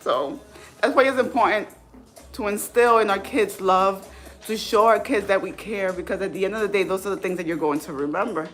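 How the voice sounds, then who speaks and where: A woman's voice: medium pitch, a little fast. A woman in her thirties speaking candidly and from the heart in a casual livestream, as a fitness vlogger. Faint music plays behind her. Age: 30s.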